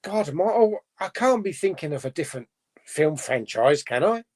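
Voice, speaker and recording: A man's voice: a little high, sing-song, normal speed, a little mellow. A man hosting a casual live chat, reading out viewer comments and musing aloud, laughing to himself as he goes. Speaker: host.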